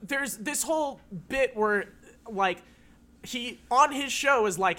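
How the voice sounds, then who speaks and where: A high-voiced man chatting on a podcast. He rambles and restarts, leaning heavily on filler words and swearing casually. His tone is bright and sharp. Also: slow pace. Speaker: podcast co-host. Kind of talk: casual chat.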